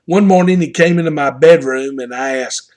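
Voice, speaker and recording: A man's voice: a little high, moderate pace, a little mellow. An older man with a Southern US accent, telling a family story and drawing a devotional lesson from it in an earnest, homespun way. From Southern United States. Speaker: pastor. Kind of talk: devotional message.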